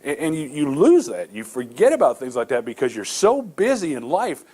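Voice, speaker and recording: A man's voice: a little high, huge pitch swings, normal speed, dark tone, breathy edge. A middle-aged male pastor preaching a sermon, telling stories earnestly with many repeated restarts.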